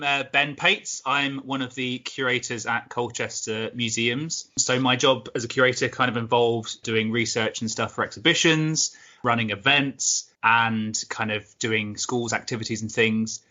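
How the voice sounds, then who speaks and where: A male curator appears as a podcast guest and talks in a relaxed, hesitant way, hedging with "kind of" as he goes. His voice is bright and forward, pitched in the middle. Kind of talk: podcast interview.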